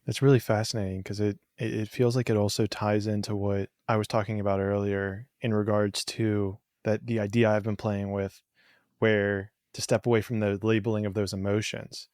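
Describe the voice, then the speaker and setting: A man hosting a podcast interview, asking curious, probing questions with halting restarts. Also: fairly low pitch, flat delivery, a little mellow, dry recording, clean studio sound. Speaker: podcast host. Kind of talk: conversational interview.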